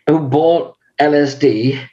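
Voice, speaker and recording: An older man talks in an unhurried way, pausing often as he builds a thought. His voice sits a little high for a man. The recording sounds dull and lo-fi. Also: dark tone. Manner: measured, unhurried storyteller with frequent pauses. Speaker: guest, author and lama. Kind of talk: conversational interview.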